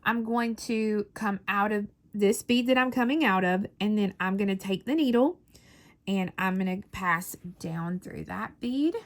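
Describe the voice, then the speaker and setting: A woman's voice: mid-range voice, unhurried. A woman giving a patient, methodical step-by-step beading tutorial, counting beads aloud as she works. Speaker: beading instructor.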